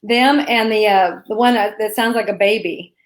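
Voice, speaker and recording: A woman from Arkansas, USA, co-hosts a live spiritual Q&A chat from home, reassuring and chatty and laughing often. She speaks at normal speed with a medium pitch.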